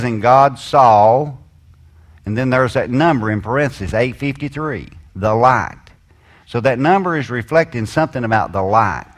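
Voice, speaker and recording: A man leading a Bible study, drawing out quoted verses slowly and giving asides to a helper. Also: mid-range voice. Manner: slows and stresses quoted scripture, asides to a helper. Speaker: Bible teacher.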